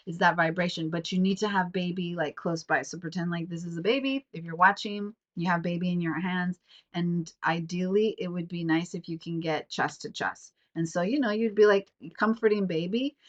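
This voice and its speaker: Rambling young woman host, stuffy nose, slightly low voice, dull lo-fi recording. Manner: rambling, chatty, many fillers and restarts. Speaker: podcast host. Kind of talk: casual solo podcast. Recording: dull lo-fi sound.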